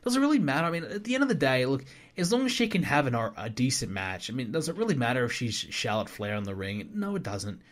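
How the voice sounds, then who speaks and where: A man talks through his podcast on his own in a casual, rambling way, stacking up opinions with plenty of fillers and restarts. His voice sits at an ordinary middle pitch. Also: sing-song, brisk, fairly bright tone. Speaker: podcast host. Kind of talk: casual solo podcast commentary.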